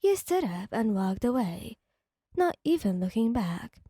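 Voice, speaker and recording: Woman, ASMR story reader, slow, soft, mellow and dark, breathy. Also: medium pitch, big pitch swings, no room sound, clean studio sound. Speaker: fanfic reader.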